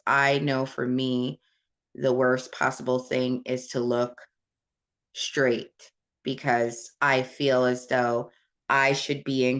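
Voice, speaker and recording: A woman with a low, gravelly voice hosts a casual live chat. She talks slowly and candidly, answering viewer comments with plenty of fillers and self-deprecating asides. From Puerto Rico. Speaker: host.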